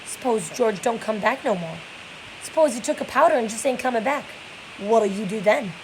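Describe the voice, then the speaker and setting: A woman's voice: a little high, lively intonation, normal speed, slight background noise, rough recording. A woman reading the lines of a weary, bitter middle-aged male stable hand in a plain read-aloud voice. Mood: taunting.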